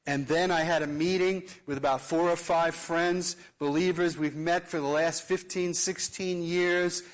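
A middle-aged man preaching a sermon in an earnest, measured way, with slow emphatic pauses. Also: a little high, steady tone. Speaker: pastor.

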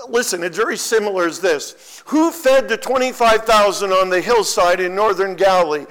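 A man's voice: high-pitched, lively intonation, moderate pace, few pauses, a bit bright. A man preaching a sermon as pastor, emphatic and repeating key phrases for weight.

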